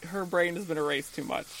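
A man co-hosting a podcast and recapping an episode in casual chat. He is animated, laughs often and acts out the characters' lines. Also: a little high, fairly quick, gravelly.

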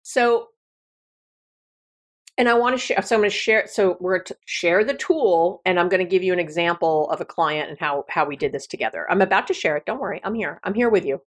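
Chatty, animated woman therapist. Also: on the low side, brisk. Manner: chatty, animated, playful asides with frequent laughs. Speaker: therapist and podcast host. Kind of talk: solo podcast talk.

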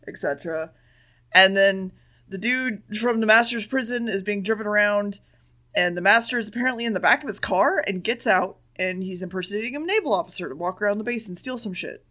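A woman's voice: mid-range voice, a little fast, bright, forceful tone. A woman co-hosting a podcast, casually recapping a show with blunt, sarcastic asides. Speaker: podcast co-host.

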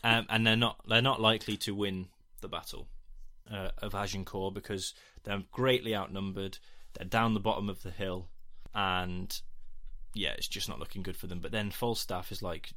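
A man's voice: deep voice, fairly even intonation, normal speed, bright, forceful tone, dry recording, studio quality. A man co-hosting a casual film review chat, rambling with jokey asides and casual swearing. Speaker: podcast co-host.

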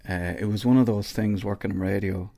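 Low gravelly Irish man chatting. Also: fairly even intonation, a little fast, mellow, no echo. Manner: rambling and self-mocking, with many restarts. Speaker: podcast host. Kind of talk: casual solo chat.

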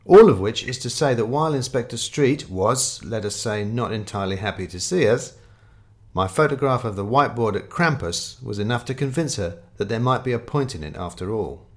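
A man's voice: medium pitch, animated, a little fast. A man narrating a comic story in a dry, wry, understated way. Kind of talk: scripted audiobook narration.

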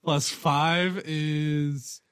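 A man's voice: fairly high pitch, fairly even intonation, drawn-out words, fairly bright tone, clean tone. A man playing in a tabletop game, adding up dice aloud with lots of hesitant fillers. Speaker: player. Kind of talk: casual tabletop game chat.

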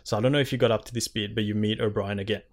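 A young man with a fairly low voice talks rapid-fire in casual chat, animatedly retelling game scenes. He swears a lot and quotes the characters in exaggerated voices.

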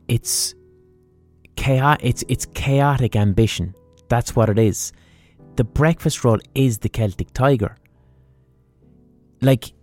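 Sweary Irish man ranting comically. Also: mid-range voice. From Ireland. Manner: animated, sweary, mock-serious. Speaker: podcast host. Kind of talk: comic rant.

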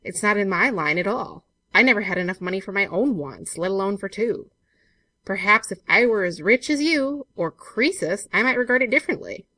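A woman reading aloud, voicing a scheming young male gentleman with a drawling, sardonic manner in an audiobook. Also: medium pitch, animated, fairly quick, no room sound, pitched above the performer's own voice. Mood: teasing.

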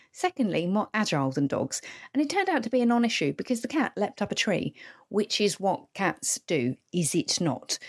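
A woman hosting a solo podcast, telling wry, sweary stories about her day. Her pitch swings widely and lively, and she slips into little acted-out voices for the people she quotes. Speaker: podcast host. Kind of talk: casual solo podcast storytelling.

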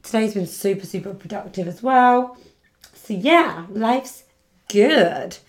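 A woman's voice: medium pitch, lively intonation, slow. A British woman hosting a casual solo podcast, chatting in a rambling way, full of fillers and self-corrections. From Britain. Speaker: podcast host. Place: home setting near the seaside.

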